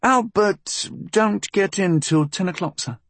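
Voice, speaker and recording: A wary, shabby gunsmith in an audiobook, as a male narrator puts him on. His voice rides noticeably high and sounds raspy, with dry, close miking. He speaks in a deferential, rough working-class dialect. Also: measured pace, no room sound. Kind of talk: audiobook character voice.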